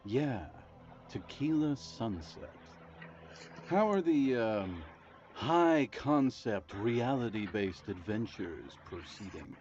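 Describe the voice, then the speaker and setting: A man's voice: fairly low pitch, animated, slow, darkish tone, muffled recording, slight background noise. A man voicing a teasing, drawling thirty-something guy in a tracksuit in a game.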